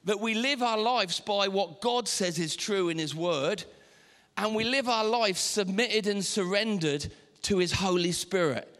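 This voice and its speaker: A man preaching a sermon to a congregation, animated, acting out voices and now and then shouting. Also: high-pitched, a little slow. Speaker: pastor. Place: church auditorium. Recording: long hall reverb.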